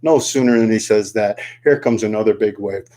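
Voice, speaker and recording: A man telling a folksy story, animated, asking the listener questions as he folds a paper boat. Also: fairly low pitch, brisk. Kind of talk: oral storytelling to the camera.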